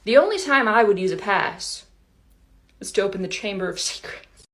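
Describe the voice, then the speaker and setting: A woman's voice: mid-range voice, lively intonation, normal speed. A young adult woman delivering a casual comedic monologue to camera, chatty and playful, with lots of "like" and "you know". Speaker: TikTok creator.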